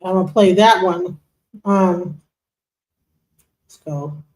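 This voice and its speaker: A woman's voice: on the low side, slow pace, a little mellow. A woman co-hosting a casual commentary stream, talking emphatically and repeating words when she gets heated. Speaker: stream co-host. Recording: roomy echo.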